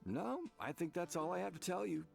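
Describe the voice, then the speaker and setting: An actor playing a village man in a game who muses slowly, trails off, and ends the talk curtly. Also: sits high, expressive, gravelly, exaggerated voice. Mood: musing. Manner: musing, trails off, then cuts the talk short. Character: gravelly-voiced village man, unhurried and curt. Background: faint game music.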